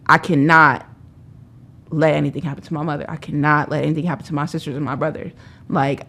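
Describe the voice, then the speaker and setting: A young woman telling her life story as a podcast guest, emphatic and animated, acting out the voices of people she quotes. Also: deep voice. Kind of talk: candid storytelling.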